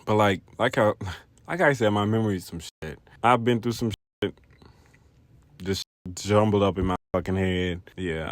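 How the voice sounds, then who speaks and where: Young man, casual vlog, animated rambling, dry close sound. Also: on the low side, dry recording. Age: young adult. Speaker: vlogger.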